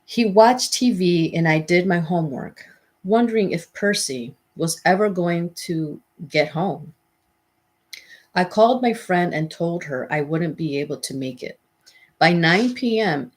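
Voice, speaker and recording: Woman, audiobook reading, memoir, steady storytelling, low, husky. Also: unhurried. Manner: steady first-person storytelling. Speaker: memoir reader.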